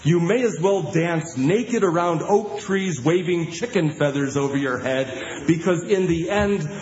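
A man's voice: on the high side, expressive, measured pace, a little mellow. A man preaching a sermon, emphatic and insistent, with vivid images. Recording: muffled sermon clip in a roomy hall with faint noise.

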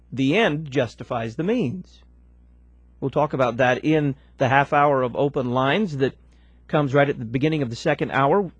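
A man hosts a radio talk show, running through upcoming segments and putting questions to his guest in a smooth, practiced announcer's manner. His voice has a slightly husky edge, and the sound is close and dry. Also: fairly high pitch, no echo.

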